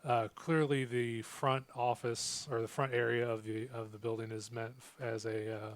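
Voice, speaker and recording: A man narrating a tabletop role-playing game as game master, halting with many ums and uhs. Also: medium pitch, little pitch movement, no echo.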